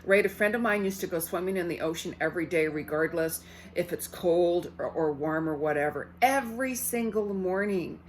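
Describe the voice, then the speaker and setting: A woman psychic talks straight to her viewers as she pulls cards, in a rather low voice. She rambles easily, leaning on "like" and "you know" and doubling up her words. A faint noise sits under the recording. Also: moderate pace, hardly any pauses. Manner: chatty, full of "like" and "you know", repeats words. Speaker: psychic medium and card reader. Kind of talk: casual spiritual card reading for viewers.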